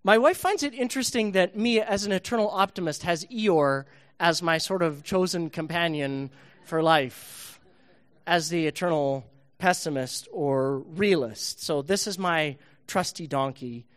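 A man, a pastor, telling a Bible story to children in a church service, playful and animated. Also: fairly high pitch, measured pace.

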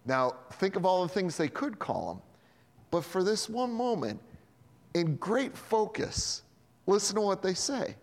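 A male pastor preaching a sermon with lively delivery, acting out the dialogue of biblical characters. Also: sits high, measured pace, big-room sound. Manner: animated, acts out dialogue.

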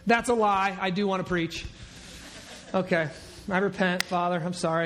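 A man's voice: high-pitched, fairly even intonation, normal speed, fairly bright tone, slight background noise. A man preaching a verse-by-verse sermon, opening with a prayer, talking conversationally with joking asides. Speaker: pastor. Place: church sanctuary.

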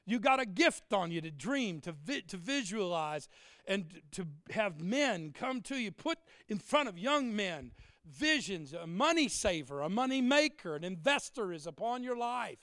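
High-voiced, joking preacher. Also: male voice, a little slow, no room sound, studio quality. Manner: animated, joking, shouts and drops to asides. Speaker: pastor. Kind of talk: humorous sermon.

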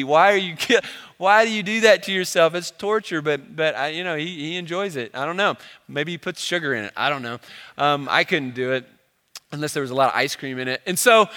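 Young male pastor, high, bright voice, casual joking sermon delivery, echoing church hall. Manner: casual, joking, conversational preaching.

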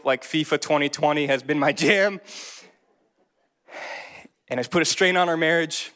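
A young man giving a casual, conversational sermon as a young adult ministry leader. His delivery grows more emphatic when he reads scripture. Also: fairly bright tone. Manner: casual and conversational, rising in pitch when preaching.

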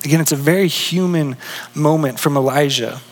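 A man preaching a sermon in an earnest, questioning way, often dropping to a soft hush. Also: fairly high pitch, moderate pace, long reverb tail, low-quality recording. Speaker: pastor.

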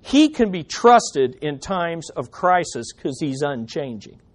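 A middle-aged man preaching with a high, bright voice. He delivers his sermon with animated energy and drops in joking asides to the congregation. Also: takes it slowly. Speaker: pastor.

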